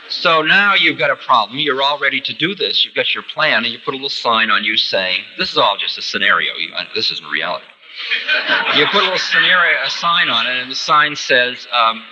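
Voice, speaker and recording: Man, spiritual teacher, very sharp bright tone, animated storytelling, old recording with long hall reverb. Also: medium pitch, normal speed. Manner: animated storyteller, acting out quoted voices. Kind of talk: spiritual lecture. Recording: reverberant lecture hall, archival tape.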